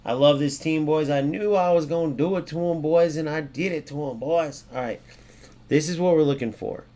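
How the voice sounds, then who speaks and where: A young American man commenting on his own gameplay, excitable and swearing often, with sudden loud outbursts. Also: on the high side, normal speed. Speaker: gaming YouTuber.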